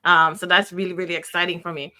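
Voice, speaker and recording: Bright-voiced woman hosting a podcast. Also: on the low side, level tone, fast talker. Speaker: podcast host. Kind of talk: casual podcast interview.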